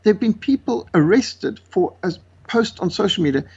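Man, husky, indignant storyteller, muffled lo-fi audio. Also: sits high, animated, moderate pace, a little mellow. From South Africa. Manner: indignant, acts out quoted voices, many fillers. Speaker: guest, missionary author. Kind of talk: animated storytelling in an interview.

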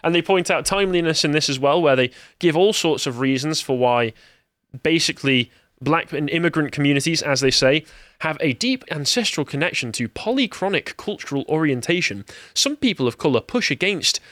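A man's voice: a little high, animated, brisk, fairly bright tone, dry recording, clean studio sound. An English man co-hosting a podcast, chatting casually and sarcastically about news, reading quotes in mocking voices. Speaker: podcast co-host. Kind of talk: casual political chat.

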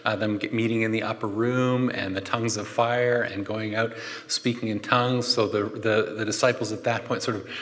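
A man preaching a conversational sermon, animated and chatty, with joking asides. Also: fairly low pitch, normal speed. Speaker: pastor. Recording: long hall reverb.

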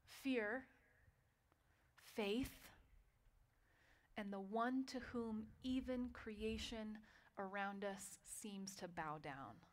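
A woman preaching a sermon, telling a story and dropping to a quiet voice for dramatic moments. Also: mid-range voice, drawn-out words, pauses often.

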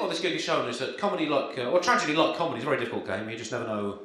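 Deadpan male comedian in an echoey venue. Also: mid-range voice, rapid-fire, few pauses, slight background noise. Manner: dry, deadpan delivery with frequent ums and chuckles. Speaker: stand-up comedian. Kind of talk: deadpan live stand-up set. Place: live comedy gig venue. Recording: very echoey room with clear ambience.

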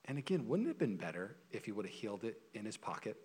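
A young adult man preaching a sermon as pastor, energetic and conversational, often repeating words as he gets going. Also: on the low side, fast, slight background noise.

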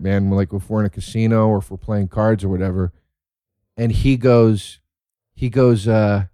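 Excitable, profane man comedian. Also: on the low side, no room sound, clean studio sound. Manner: profane, excitable, laughing through stories. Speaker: stand-up comedian. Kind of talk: casual storytelling monologue.

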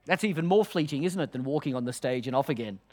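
A man's voice: fairly high pitch, lively intonation, fast talker. A male pastor, preaching an earnest, emphatic sermon and reading quotations aloud.

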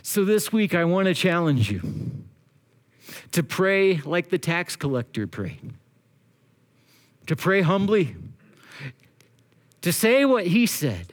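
A man preaching a sermon as pastor, earnest and exhorting, with slow emphatic phrasing. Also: sits high, very animated.

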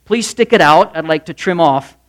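A male preacher voicing a calm, dignified eighteenth-century preacher who answers with a dry, courteous retort. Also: on the high side, moderate pace, lightly acted.

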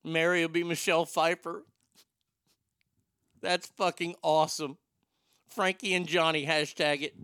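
A man hosts a talk show with loose, joking, irreverent banter. His voice is gravelly and bright, with a crisp, clean tone. The sound is dry and close. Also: a little high, fairly even intonation, measured pace, long pauses, no room sound. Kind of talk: casual comedic banter.

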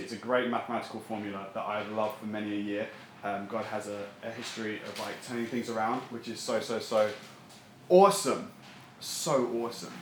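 A man's voice: mid-range voice, very echoey, a little hiss or hum. A man preaching a casual, joking sermon and bantering with his congregation. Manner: playful, animated, banters with the congregation.

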